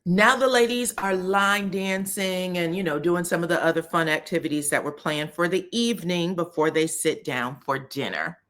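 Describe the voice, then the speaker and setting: A woman's voice: lowish voice, normal speed, hardly any pauses. Sassy woman recapping reality TV. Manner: animated, sassy, slips into voices of the cast when quoting. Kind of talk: casual recap commentary.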